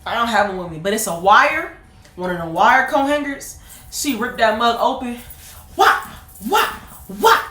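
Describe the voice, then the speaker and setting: A woman in her twenties telling a personal story to her viewers in a casual, animated way, laughing often. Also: a little high, normal speed. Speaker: vlogger. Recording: roomy echo.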